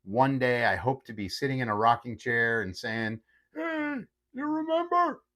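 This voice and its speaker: A man's voice: medium pitch, normal speed. A man hosting his own channel, talking casually and animatedly about a stock's day, tagging many remarks with "okay". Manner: animated, repeats okay often. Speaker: host. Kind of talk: casual market commentary.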